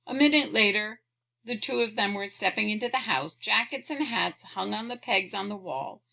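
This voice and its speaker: A woman reads a children's storybook aloud, clearly and with expression. Her voice is bright and forward, with a gravelly crackle at the bottom of her sentences. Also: mid-range voice, normal speed. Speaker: audiobook reader.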